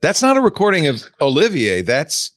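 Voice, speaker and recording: Lively older man hosting a tech chat. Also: fairly high pitch, moderate pace, dry recording, clean studio sound. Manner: animated, laughs often, thinks aloud. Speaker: host. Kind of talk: casual tech panel chat.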